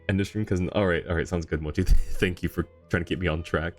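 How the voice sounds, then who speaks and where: A man streaming a video game, chatting casually, laughing often and going off on rambling asides. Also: deep voice. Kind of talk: casual live commentary.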